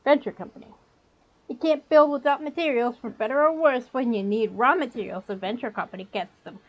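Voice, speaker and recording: A woman's voice: on the high side, a little fast, muffled recording, natural voice. A woman voicing a streetwise old female goblin fixer with a put-on New York accent, folksy and conspiratorial. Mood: gossipy.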